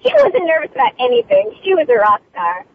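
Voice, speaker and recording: A woman's voice: sits high, wildly swooping pitch, a little fast. A woman guest chatting on a phone-in, bubbly and giggly, full of fillers. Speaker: actress guest. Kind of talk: casual phone-in chat. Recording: noisy, tinny phone line.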